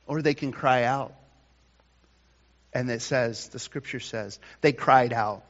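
A male pastor delivering a morning sermon, slow and emphatic, rising to loud bursts and dropping to quiet lines. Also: medium pitch. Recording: dull sound with long hall reverb.

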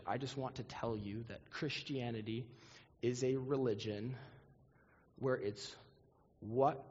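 A man's voice: medium pitch, darkish tone, slightly rough. A man preaching a sermon as pastor, earnest and repetitive, acting out quoted prayers. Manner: earnest, repeats words, acts out quoted prayers. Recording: muffled audio with long hall reverb.

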